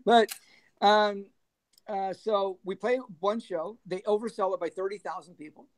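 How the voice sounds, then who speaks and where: A middle-aged man with a notably high speaking voice spins road stories from his years managing a band. He laughs often and throws himself into acting out the dialogue, shouting and whispering the lines of the people in his tales. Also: unhurried. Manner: animated storyteller who laughs often and acts out quoted dialogue. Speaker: former band manager, interview guest. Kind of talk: casual storytelling interview.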